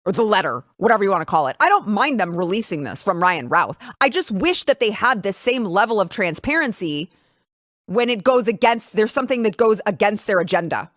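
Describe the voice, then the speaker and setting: A woman's voice: medium pitch, very animated, a little fast, a bit bright, no echo, clean studio sound. A woman hosting a political talk show, talking casually with emphatic, sarcastic remarks. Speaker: host.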